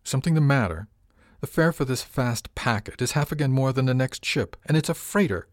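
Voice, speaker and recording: A man's voice: mid-range voice, animated, brisk, no room sound, clean studio sound, voice pushed up, lightly acted. A man voicing a pompous, indignant male passenger in a fine suit, haughty and complaining, in an audiobook reading.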